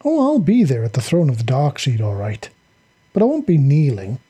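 A man's voice: medium pitch, fairly even intonation, a little slow, dark tone, breathy edge. A man reading aloud and voicing a proud, defiant male warrior leader who talks through clenched teeth. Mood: snarling.

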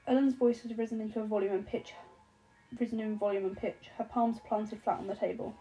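Mellow woman reading a novel. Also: mid-range voice, fairly even intonation, a little fast, soft background music, rough recording. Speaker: audiobook narrator. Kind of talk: scripted narration.

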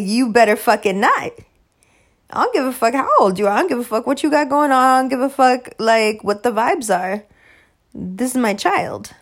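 A woman tells a story in a loose, casual monologue. She swears freely, leans hard on her points and breaks into laughter often. Her voice sits a little high. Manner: profane, emphatic, laughs often. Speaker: parent telling a story.

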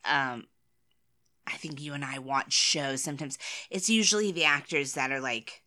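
A woman's voice: deep voice, moderate pace, sharp tone. An American woman in casual conversation who laughs often and trails off mid-sentence. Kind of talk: casual chat.

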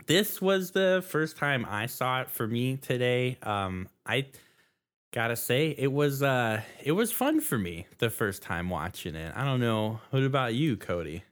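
A man's voice: mid-range voice, big pitch swings, measured pace, a bit bright. A man co-hosting a casual film podcast, talking in a playful, jokey, rambling way. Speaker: podcast co-host.

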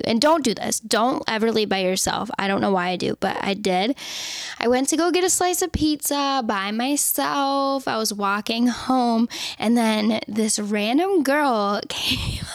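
Chatty young woman, bright voice, dry sound. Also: a little high, creaky, dry recording. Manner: chatty and candid, swears, laughs often. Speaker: podcast host. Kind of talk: casual self-help podcast chat.

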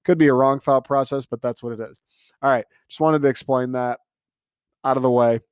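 Hiccups keep bothering this twenty-something man as he hosts his casual solo podcast, rambling sarcastically and mocking himself along the way. He speaks fairly quickly in a mid-range voice with fairly even intonation and a clean, slightly mellow tone. The studio recording is clean, with no echo.

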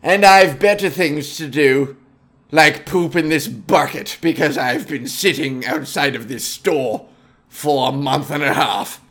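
A man voicing a pompous, snobbish gentleman who is indignant about his phones and speaks with affected old-fashioned indignation. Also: on the high side, unhurried.

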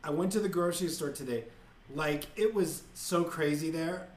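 A man's voice: on the high side, animated. Guy doing a whiny airhead young woman, stretched-out words, uptick at every end, echoey room. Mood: whiny, drawling. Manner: drawn-out words with rising endings. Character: ditzy young woman, drawling upspeak.

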